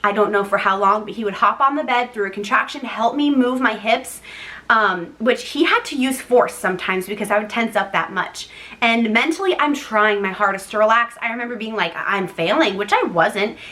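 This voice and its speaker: A woman's voice: a little high, moderate pace, sharp tone. A young woman vlogger casually telling a personal story to the camera, chatty and talking straight to her viewers. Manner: chatty, addresses viewers as "guys".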